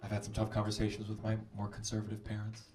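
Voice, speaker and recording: A stand-up comedian in his thirties does crowd work on a club stage, brash and profane as he teases the audience. His voice is on the low side, monotone and fast. The live club recording is noisy.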